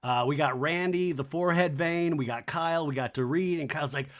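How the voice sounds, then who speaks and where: A man hosting a podcast, recapping reality TV in a chatty, animated, profane way. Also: on the high side, fairly quick. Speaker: podcast host.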